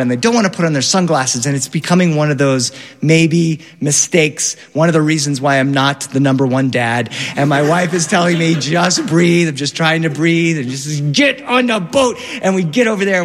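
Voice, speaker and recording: A man telling a personal story about his family in an animated, vivid, run-on way. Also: fairly high pitch. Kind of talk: personal storytelling before an audience. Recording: long hall reverb.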